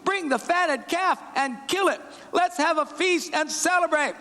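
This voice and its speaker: Man putting on a jubilant father, high and bright, calling out orders, gravelly edge, reverberant church hall. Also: unhurried, exaggerated voice. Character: overjoyed father welcoming his son home.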